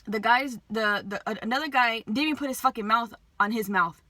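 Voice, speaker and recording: A woman's voice: a little high, fairly quick, sharp tone, no room sound. A woman telling an emotional story to her viewers, agitated, swearing constantly and restarting her sentences. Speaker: vlogger.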